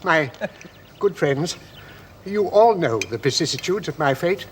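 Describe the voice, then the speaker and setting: A man's voice: a little high, animated, measured pace. An actor playing an earnest, formal man who speaks with pompous solemnity about duty, in a 1970s television play. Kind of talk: 1970s television drama acting. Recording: old television sound with faint hiss.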